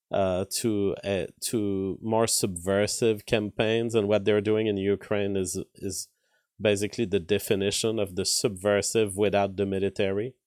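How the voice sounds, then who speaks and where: Low-voiced man with a French accent. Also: no echo, clean studio sound. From French-speaking. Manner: thinking aloud with many fillers and restarts. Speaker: streamer covering news. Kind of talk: live news commentary reading chat.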